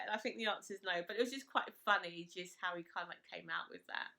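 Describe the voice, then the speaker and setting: A woman's voice: on the low side, quick pace, hardly any pauses, bright, forceful tone. A woman vlogger chatting casually and enthusiastically as she recaps a reality show, with lots of "kind of, like" fillers.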